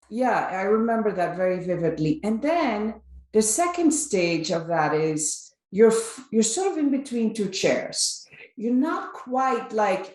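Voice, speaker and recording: A woman's voice: medium pitch, darkish tone. A woman in her fifties from Belgium, a native Flemish speaker with a Belgian accent, telling her story animatedly as an interview guest, often restarting and adding "right?". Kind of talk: conversational interview. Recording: roomy echo.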